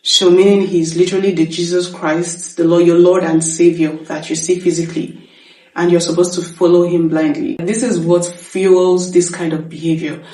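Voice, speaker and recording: A woman's voice: fairly low pitch, level tone, moderate pace, a little mellow. Emphatic woman commenting in an echoey room. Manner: firm, emphatic, repeats points for stress. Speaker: commentary host. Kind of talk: opinion commentary. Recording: echoey room, distant from mic.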